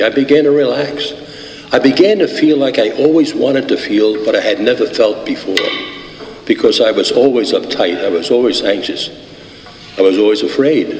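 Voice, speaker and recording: A man's voice: medium pitch, a little mellow, slight background noise. A man in his eighties with a Brooklyn accent, telling his life story to a meeting audience in a rambling, wry way, full of fillers and restarts. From Brooklyn, New York. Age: 80s. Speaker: recovery meeting speaker. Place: meeting hall. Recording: echoey hall from the audience.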